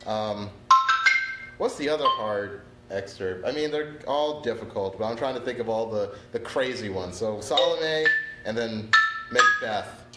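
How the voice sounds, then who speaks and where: A man's voice: lowish voice, expressive, unhurried, roomy sound, loud music behind the voice. A man teaching on a casual livestream, chatty and laid-back, laughing often and apologizing freely. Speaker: percussion instructor on a livestream.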